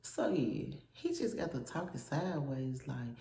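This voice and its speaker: Blunt, low-voiced woman ranting. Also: very animated, unhurried, creaky, few pauses. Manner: blunt, profane, emphatic with repetition. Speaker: vlogger. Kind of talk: casual storytelling rant to viewers. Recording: echoey room with loud background noise.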